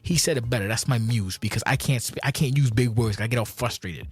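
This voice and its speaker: A man hosting a gaming channel, delivering a profane, heated rant with many restarts and sudden jumps up in pitch when outraged. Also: a little fast, slightly rough, dry recording. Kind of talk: profane ranting vlog.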